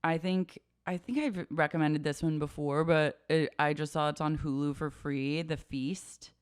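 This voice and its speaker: A man's voice: fairly high pitch, flat delivery, moderate pace, smooth, dry recording, studio quality. A man co-hosting a podcast, chatting casually and acting out scenes he recaps with quoted voices. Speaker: podcast co-host. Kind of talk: casual chat recapping a reality show.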